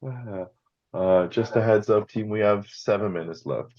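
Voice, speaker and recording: A man's voice: fairly low pitch, measured pace, darkish tone. A man hosting a podcast, chatting casually in an upbeat, encouraging way with slangy phrasing. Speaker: podcast host. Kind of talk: casual chat. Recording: slightly dull lo-fi sound.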